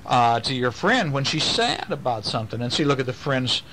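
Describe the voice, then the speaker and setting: A man, a father, reading a picture book aloud to his children at home, gentle and playful with lively sing-song emphasis. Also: medium pitch, brisk, slight background noise, rough recording. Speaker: father reading a bedtime story.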